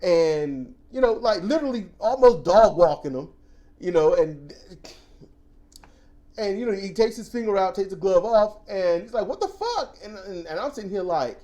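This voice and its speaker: Animated man ranting in casual talk. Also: high-pitched, normal speed. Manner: animated storytelling, swings into loud mocking quotes. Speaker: podcast co-host.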